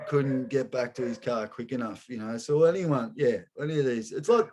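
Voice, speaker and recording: A man's voice: medium pitch, normal speed, a little mellow, dull audio, a little hiss or hum. A man hosting a casual podcast chat, rambling and slangy, calling his guest mate and bro. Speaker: podcast host.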